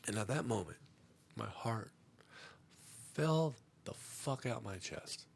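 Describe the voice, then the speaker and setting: A middle-aged man on a comedy podcast telling a profane story, swinging between loud outbursts and muttered asides. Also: on the low side, lively intonation, slow pace, vocal fry, pauses often, husky. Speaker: podcast host.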